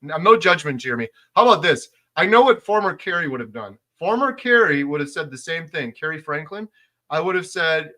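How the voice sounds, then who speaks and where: A man's voice: fairly high pitch, lively intonation, a little fast. A middle-aged man hosting a casual livestream, reading out viewer comments and making his points with emphasis. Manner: emphatic, gets loud when making a point. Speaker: livestream host.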